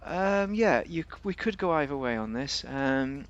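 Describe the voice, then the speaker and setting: A man's voice: medium pitch, lively intonation, measured pace, lo-fi sound. A man giving a casual, rambling, jokey commentary while reviewing a car in a video game.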